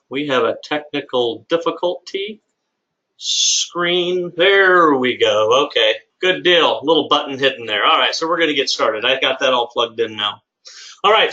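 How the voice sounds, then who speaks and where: A man's voice: medium pitch, bright, forceful tone, lo-fi sound. A man who owns a service business, hosting a live webinar in an upbeat, chatty, salesy way. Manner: upbeat, chatty, salesy, many "all right"s. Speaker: business owner and webinar host. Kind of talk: live lunchtime webinar presentation.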